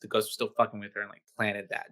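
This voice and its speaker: A man's voice: lowish voice, completely flat delivery, very fast, sharp tone. A man co-hosting a podcast, casually recapping a horror film with loose talk, swearing and constant fillers. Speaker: podcast co-host.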